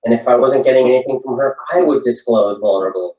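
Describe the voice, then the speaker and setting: A man's voice: medium pitch, fast talker. Earnest man, echoey room from afar. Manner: earnest, repetitive, reflective. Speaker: parenting workshop speaker. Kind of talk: workshop talk. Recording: echoey room from far off, dull sound.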